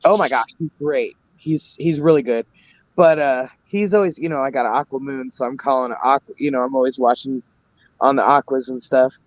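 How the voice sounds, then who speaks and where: A man's voice: mid-range voice, a little fast, dry recording, muffled recording. Chatty man with a dry sound. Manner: rambling, joking, laughs often. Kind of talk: casual chat.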